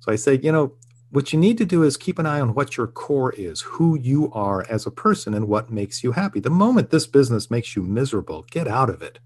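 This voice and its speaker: A man's voice: medium pitch, big pitch swings, fairly quick, slightly rough. Earnest older man telling stories. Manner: reflective, earnest storytelling with frequent restarts and chuckles. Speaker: guest, TV writer and producer. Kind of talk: casual interview conversation.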